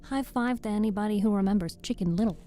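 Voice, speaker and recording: A woman's voice: mid-range voice, fast, dark tone, faint music behind. A young woman chatting and joking casually with her live-stream viewers at the microphone. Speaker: streamer and audiobook reader.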